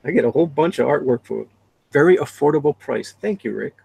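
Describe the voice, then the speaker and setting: A gravelly, husky-voiced man talks in a pitch a little above the usual for a man. He chats casually as a bidder on a livestream, keen and insistent about the artwork. The sound is close and dry, with no room echo. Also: lively intonation, fast, darkish tone. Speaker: bidder on an online art auction.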